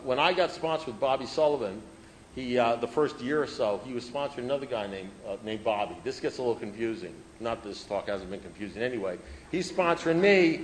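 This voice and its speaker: A man of average pitch tells his own story to a listening room and jokes at his own expense. He circles back on phrases and repeats lines to build a rhythm. A faint low rumble sits under his voice. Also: rough recording. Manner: humorous, self-mocking and conversational. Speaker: speaker sharing his recovery story. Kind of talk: personal storytelling talk to an audience.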